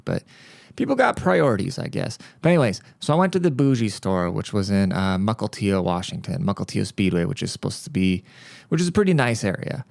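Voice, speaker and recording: A man's voice: on the low side, sing-song, brisk, creaky, darkish tone, no echo, clean studio sound. A man hosting a podcast, telling stories in a blunt, profane, casual rant. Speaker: podcast host.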